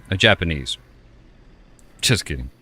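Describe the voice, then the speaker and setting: This streamer, playing a ghost-hunting game on a headset, speaks in a lowish, somewhat bright voice that is very animated yet measured in pace. He gives casual, playful commentary, poking fun at himself and muttering as he plays.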